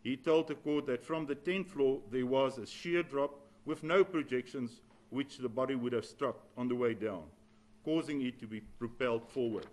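A man, an advocate arguing formally in a courtroom, measured and deferential, with some hesitations. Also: mid-range voice, a little mellow, poor audio. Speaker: advocate addressing a judge.

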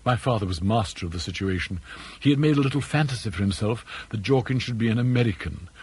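A man reading an audiobook in scripted narration with a measured, precise delivery. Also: lowish voice, expressive, a little mellow, breathy edge, rough recording. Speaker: audiobook reader.

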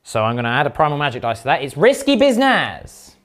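A man's voice: fairly high pitch, wildly swooping pitch, quick pace, fairly bright tone, soft background music. A man playing a tabletop wargame and talking through his turn in casual, playful commentary, with sudden sing-song exclamations. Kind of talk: casual battle report commentary.

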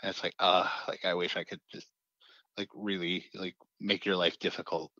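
A man with a fairly low voice talks about his craft in a relaxed interview. He rambles, hedges, and restarts his sentences often. The sound is dry and a bit muffled. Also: moderate pace, dry recording. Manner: rambling, hesitant, many fillers and restarts. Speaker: comic writer guest. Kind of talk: casual interview.

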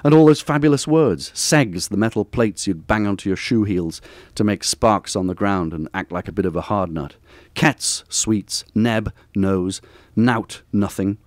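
A man with a low voice reads his own essay aloud at a bookstore event. His delivery is measured and wry, with a literary cadence. The sound is dry and close. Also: dry recording. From Durham, northern England. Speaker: author reading from his book. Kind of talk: reading aloud from a personal essay.

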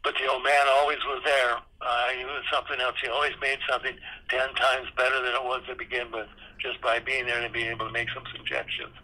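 A man's voice: medium pitch, flat delivery, quick pace, few pauses, bright, forceful tone, rough recording. A man in his eighties, a guest on a podcast interview, candidly telling salty stories and acting out old conversations. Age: 80s. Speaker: podcast guest, retired theme park designer. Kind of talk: anecdotal storytelling in an interview.

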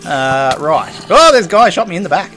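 Guy playing a game, talks to the mobs, kinda high voice, bit of music under it. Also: sing-song, a little fast, bright, forceful tone. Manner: chatty, playful, talks to creatures in game. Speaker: gaming video host. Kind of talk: casual gameplay commentary.

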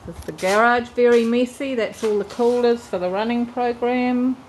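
A woman's voice: a little high, moderate pace. A woman casually narrating a tour of her family home, filmed on a handheld camcorder. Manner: chatty, relaxed, laughs softly between remarks. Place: inside a family house. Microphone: handheld camcorder mic. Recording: noisy home camcorder audio.

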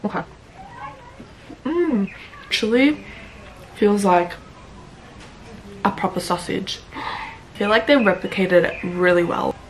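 A woman's voice: mid-range voice, animated, slow, pauses often, a little hiss or hum. A young woman, chatting casually to camera in a vlog, giggly and full of "like" and "literally". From Australia. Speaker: vlogger.

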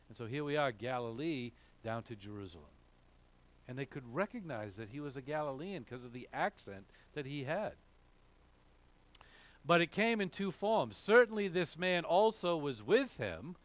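A pastor from New England preaches in a thick Boston accent. His delivery is casual and conversational, sprinkled with "okay?" asides. His pitch swings lively up and down through the sermon. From New England, USA.

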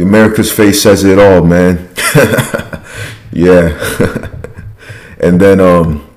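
A man's voice: low-pitched, steady tone, drawn-out words, pauses often, darkish tone. A man hosting a podcast, giving a casual, slangy recap and acting out quotes. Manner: slangy, acts out houseguests' lines in quotes. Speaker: podcast host. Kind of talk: casual reality-show recap.

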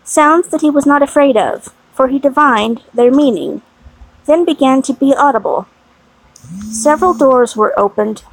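Gravelly woman reading a classic novel. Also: high-pitched, lively intonation, moderate pace, no echo, low-quality recording. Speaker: audiobook narrator.

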